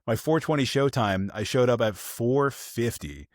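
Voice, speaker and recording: A man co-hosting a podcast, chatting casually about films and acting out the people in his stories with lively energy. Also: mid-range voice, a little slow, no echo, studio quality. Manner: animated storytelling, acts out quoted people. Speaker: podcast co-host. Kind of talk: casual film review chat.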